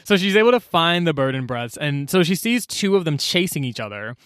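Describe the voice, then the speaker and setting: Slangy man with a higher voice. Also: very animated, fairly quick, fairly bright tone, clean tone, dry recording, studio quality. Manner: slangy, filler-heavy, swears casually. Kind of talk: casual story recap.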